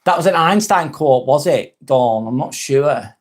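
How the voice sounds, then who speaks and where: A man's voice: fairly high pitch, lively intonation, measured pace. A man with an English accent hosts a motivational livestream, speaking in a casual, reflective way that repeats phrases and swears now and then. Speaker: livestream host.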